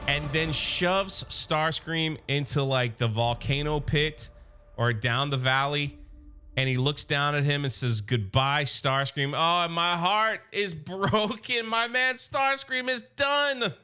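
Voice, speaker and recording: A man's voice: on the high side, slow pace, sharp tone, clear, resonant tone, soft background music. A man casually recapping a comic story as an enthusiastic fan, gushing over characters and chatting with fillers. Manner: enthusiastic fan, laughs and gushes, conversational fillers. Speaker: comic book recap host.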